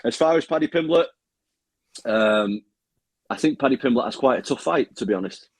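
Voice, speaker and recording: A man's voice: mid-range voice, expressive, moderate pace, slightly rough, no echo. A young man with a Manchester accent, a guest fighter chatting candidly in an interview, swearing freely and restarting his sentences. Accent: Manchester English. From Manchester, England. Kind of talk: casual interview chat.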